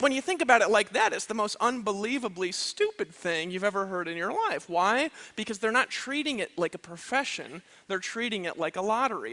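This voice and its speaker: A male motivational speaker addresses a room from an event stage, emphatic and full of rhetorical check-ins. His voice sits high and swoops a lot, with a bright, forceful edge. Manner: emphatic, repeats "right?" and "you know what I mean?". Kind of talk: live seminar speech.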